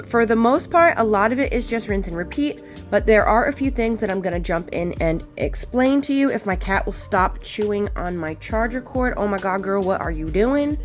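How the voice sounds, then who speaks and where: A chatty young woman narrates her nail art session in a loose, rambling way, leaning on fillers and repeated words. Her pitch swings freely up and down, and soft music plays underneath her. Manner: talks to her cat in a high squeaky voice. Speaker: nail art channel host. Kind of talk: casual chatty tutorial narration.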